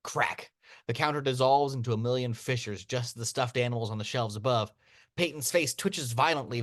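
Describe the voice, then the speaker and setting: A man reading a screenplay's action lines aloud as narrator, in steady read-aloud narration. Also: mid-range voice, moderate pace, dry recording, clean studio sound. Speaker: narrator of stage directions.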